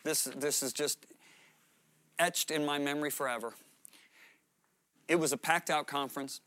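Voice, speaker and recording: A man's voice: a little high, steady tone, normal speed, fairly bright tone. A man preaching a sermon, telling a story earnestly and emphatically, sometimes repeating words as he builds to a point. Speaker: guest preacher.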